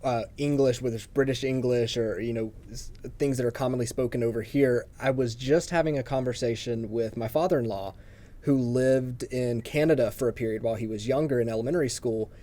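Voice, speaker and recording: A man hosting an interview, asking long, relaxed questions and often restarting his sentences. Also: medium pitch, fairly quick. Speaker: interview host.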